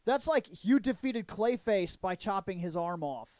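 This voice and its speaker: A man's voice: high-pitched, animated, a little slow, darkish tone, dry recording. A man co-hosting a podcast, talking casually and profanely, rambling and often laughing. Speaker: podcast co-host. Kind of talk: casual chat.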